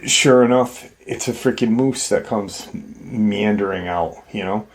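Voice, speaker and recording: A man with a fairly low voice recounts a family's eerie experience at a slow, easygoing pace. His telling is loose and chatty, full of small fillers and restarts. He sounds like a host walking listeners through the story. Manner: loose and conversational, many fillers. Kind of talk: casual storytelling of a retold encounter.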